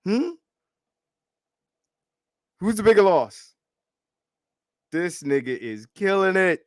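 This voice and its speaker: Male livestream host, profane live commentator, slow unhurried delivery, dry close sound. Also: high voice, dry recording. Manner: profane, animated and repetitive, laughs often. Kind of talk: casual live commentary reacting to clips.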